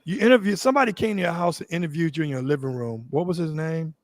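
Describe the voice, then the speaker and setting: A man's voice: fairly high pitch, fast talker, dry recording, clean studio sound. A man hosting a casual chat about dogs, talking loosely with swearing and stumbling, repeated words. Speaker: host.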